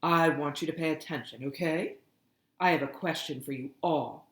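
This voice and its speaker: Audiobook: woman reading a brisk caretaker woman, teacherly, low voice, roomy echo. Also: close to an everyday voice. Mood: coaxing. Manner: coaxing, organizing, teacherly. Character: brisk, practical adult female caretaker. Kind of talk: audiobook character voice. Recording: roomy echoey recording.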